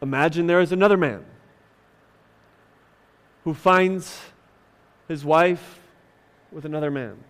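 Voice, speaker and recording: A male pastor delivers an emphatic sermon in a slow, deliberate cadence. His voice sits high, and a long reverb trails each phrase through the hall. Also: a bit bright. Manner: emphatic preaching, voices God's lines.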